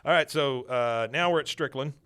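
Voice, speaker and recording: A man hosting a casual podcast, chatty and mid-pitched, walking through a cartoon episode beat by beat. He laughs easily and bursts into quick impressions of the characters. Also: a bit bright, clean tone. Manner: storytelling, quick to laugh, acts out quotes. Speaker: podcast host.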